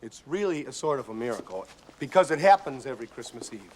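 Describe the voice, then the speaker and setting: An actor playing a middle-aged male TV executive giving an emotional, stammering speech that rises into shouts. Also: mid-range voice, sing-song, quick pace, slight background noise, close to an everyday voice. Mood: earnest. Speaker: film character delivering a speech. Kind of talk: film dialogue.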